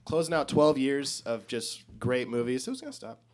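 A man co-hosting a live podcast from a comic shop, chatting casually and excitedly and swearing freely. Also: medium pitch, moderate pace. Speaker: podcast co-host.

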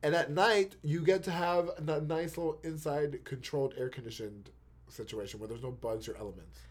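Emphatic slightly high-voiced man ranting. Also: moderate pace. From New York. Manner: emphatic and profane, with animated rants. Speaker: podcast co-host. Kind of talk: casual chat.

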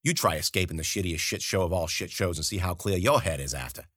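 A man's voice: low voice, fast talker, fairly bright tone, no echo, studio quality. A man narrating a first-person story in a gritty, slangy, profane voice. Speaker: audiobook narrator.

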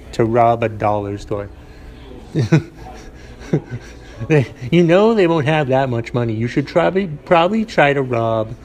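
Solo podcast host, New man, mid-pitched, rambling deadpan delivery, lots of ums and restarts. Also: poor audio. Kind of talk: casual solo podcast monologue.

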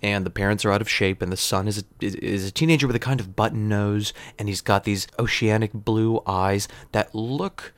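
A man in his thirties spins a rambling comic story in a low voice. He drifts into wry asides and lands them deadpan. The sound is dry and close. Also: normal speed, few pauses, dry recording. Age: 30s. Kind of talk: comedic storytelling.

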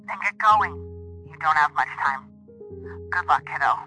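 A woman's voice: low voice, sharp tone. A woman acting a blunt, tough-talking advisor on a phone call in an audio drama. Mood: brusque. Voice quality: brisk and blunt, calls the listener kiddo. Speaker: caller giving instructions over the phone. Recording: music playing under the voice.

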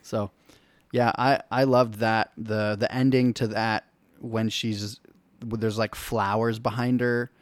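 Co-host: lowish male voice, excitable, laughs a lot, dry close sound. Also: slow, no echo. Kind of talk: casual movie discussion.

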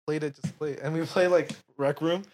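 A man's voice: fairly high pitch, fairly even intonation, fast talker, darkish tone, slight background noise. A young man in casual chat with friends, rambling through stories, laughing often and swearing casually.

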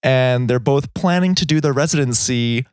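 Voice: medium pitch, moderate pace, a little mellow, no echo, clean studio sound. A podcast co-host in casual chat, playful and teasing, who laughs often and reads out the show's plugs and guest introduction.

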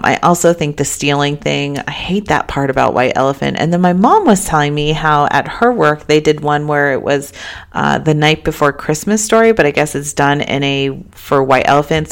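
A woman in her thirties hosting a casual solo podcast, tired and chatting in a rambling way that keeps interrupting itself. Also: deep voice. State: tired, yawning. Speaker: podcast host.

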